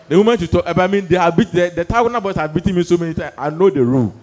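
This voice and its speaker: A young man doing stand-up storytelling on stage, animated, acting out voices and laughing through his lines. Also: high-pitched, very fast. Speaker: stand-up comedian. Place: comedy stage before a live audience.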